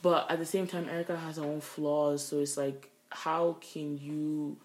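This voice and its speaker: A woman's voice: deep voice, level tone, a little slow, darkish tone. A woman co-hosting a podcast, telling a workplace story in casual chat, swearing freely. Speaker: podcast co-host. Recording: roomy echo.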